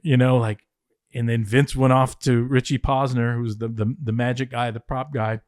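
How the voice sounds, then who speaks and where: A man telling backstage stories in a casual interview, animated, acting out other people's lines, swearing and laughing often. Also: mid-range voice, moderate pace, dry recording, clean studio sound. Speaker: former wrestling head writer telling stories.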